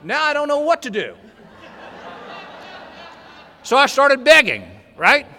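A man telling a personal story to a convention audience, animated, swinging from loud, excited stretches to low, quiet asides. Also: slow pace, slight background noise. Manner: animated storyteller, rising to near shouting, dropping low and quiet. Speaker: workshop speaker at a recovery convention. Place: large convention hall. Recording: long hall reverb.

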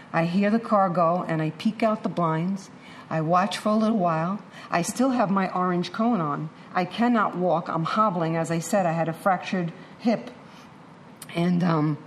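A middle-aged woman with a voice on the low side gives an audience a frank testimony about her recovery, bringing it to life by acting out the people she quotes. Slight background noise is present.

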